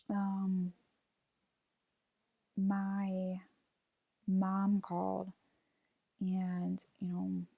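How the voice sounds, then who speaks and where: A woman's voice: medium pitch, creaky, no room sound, highs cut off. Young woman rambling through a painful story. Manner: rambling, fills speech with "like", retells quotes. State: near tears, holding back crying. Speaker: vlogger. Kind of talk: personal storytime vlog.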